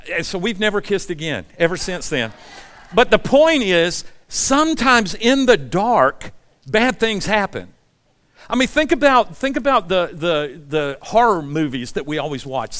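A pastor in his sixties with a voice that sits high preaches a sermon. He tells stories in a relaxed, conversational manner and frequently puts questions to the congregation.

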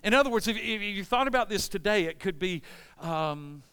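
A middle-aged man preaches a sermon with a clear, smooth, resonant voice. His tone sits high and bright, and he breaks into anguished cries as he voices prayers to God. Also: lively intonation, moderate pace. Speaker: pastor.

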